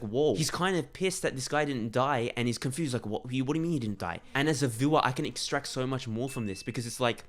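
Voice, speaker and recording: Brief: male vlogger, quick-fire delivery, loose conversational movie review with many false starts. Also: mid-range voice, a bit bright. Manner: fast, rambling, with frequent restarts. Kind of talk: casual spoken movie review.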